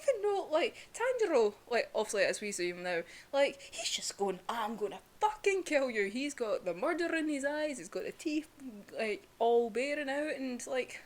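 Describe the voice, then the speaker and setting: A woman's voice: high-pitched, sing-song, moderate pace. A young woman giving a casual, emotional review of a manga, chatty, full of "like" and the odd swear word.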